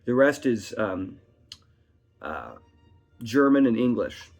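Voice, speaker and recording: Chatty guy rambling through a whiskey tasting at home, mid pitch, soft classical music behind. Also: very animated, slow pace, creaky. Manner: chatty, rambling talker with frequent asides. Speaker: whiskey reviewer. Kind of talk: casual tasting review. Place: his home. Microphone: camera on a tripod. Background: faint classical music.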